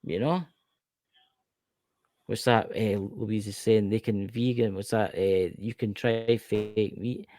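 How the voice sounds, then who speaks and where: A man's voice: fairly low pitch, slow pace, no echo. Ranting Scottish man, dry close mic. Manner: animated ranting with swearing. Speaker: podcast co-host. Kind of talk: casual chat.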